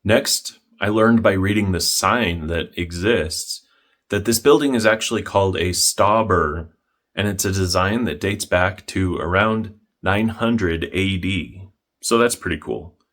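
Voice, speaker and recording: Deep-voiced man with dry deadpan narration. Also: measured pace. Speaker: history vlogger.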